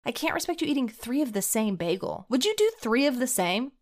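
A woman co-hosting a podcast, telling a story in an animated, laughing, breathless way. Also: a little high, brisk. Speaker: podcast co-host. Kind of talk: casual chat, telling a story.

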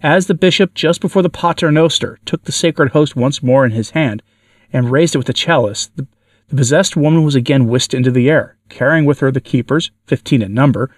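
A man narrating a religious story aloud in a measured way, with occasional stumbles. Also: medium pitch, no room sound. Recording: dry, from far off the mic.

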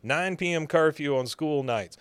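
A man's voice: a little high, moderate pace, clean tone, no echo, pitched above the performer's own voice, lightly acted. A man reading the lines of a strict, rule-bound middle-aged father in a clipped, by-the-book way. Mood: stern.

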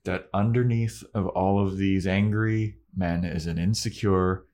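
His voice sits low and his delivery is a little slow as this podcast co-host recaps an episode in a relaxed way. He animatedly plays out the characters' quotes.

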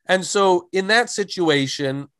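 A man's voice: high-pitched, lively intonation, a little slow, pushed and bright, smooth. A man who is a stand-up comedian, telling stories in casual chat and rambling with many fillers and restarts.

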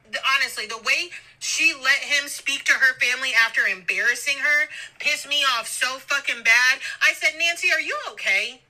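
A woman's voice: high voice, bright, forceful tone, poor audio. A woman recording a heated, profane voice note on her phone while stopped on a road trip. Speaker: podcast guest sending voice notes. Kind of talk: ranting voice note. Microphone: phone voice memo.

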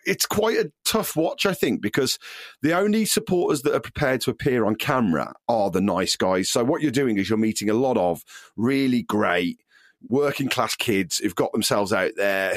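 Male comic on a podcast, bouncy lively delivery, dry close mic, chatty and quick. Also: on the low side, no room sound. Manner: animated, quick, laughs often. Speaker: podcast guest comedian. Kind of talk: casual chat.

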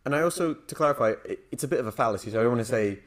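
A man's voice: mid-range voice, expressive, rapid-fire. A man co-hosting a casual podcast discussion, thinking aloud with many hedges and fillers. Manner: thoughtful, hedging, frequent "like" and "um". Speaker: podcast co-host.

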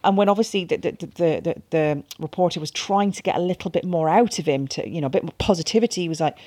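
A woman on a sports chat show, telling a story with lively, animated delivery. Her voice is close and dry. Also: on the low side, fast, few pauses, no echo. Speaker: podcast co-presenter. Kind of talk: casual chat.

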